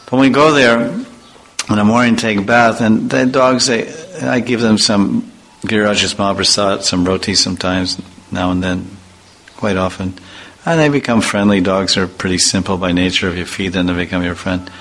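A man's voice: lowish voice, steady tone, moderate pace, fairly bright tone, low-quality recording. A man giving an informal religious talk, telling chatty, playful anecdotes and acting out voices. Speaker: devotional speaker.

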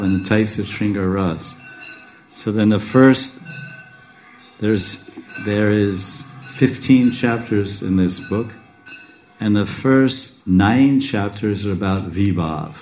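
A man with a very low voice lecturing on scripture to a class. He rambles, restarts sentences and chuckles to himself, and says his own delivery is close to a monotone. Faint music sits behind him. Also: poor audio. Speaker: spiritual teacher.

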